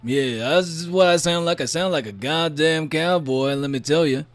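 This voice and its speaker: A man voicing a boastful male cowboy Furby toy in a put-on cowboy drawl, loud and whooping. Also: fairly high pitch, normal speed, no room sound, natural voice.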